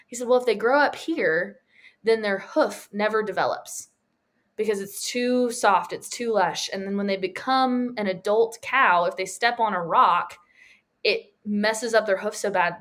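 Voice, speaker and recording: A woman's voice: medium pitch, measured pace, a bit bright. A woman leads a Bible study in a conversational, storytelling way. She acts out the people she quotes and laughs along as she goes.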